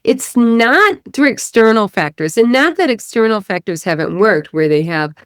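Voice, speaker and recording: A woman's voice: a little high, expressive, moderate pace, clear, resonant tone, no echo, clean studio sound. A woman speech-language pathologist explaining a therapy method, demonstrating sounds and checking in with "right?". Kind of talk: teaching podcast explanation.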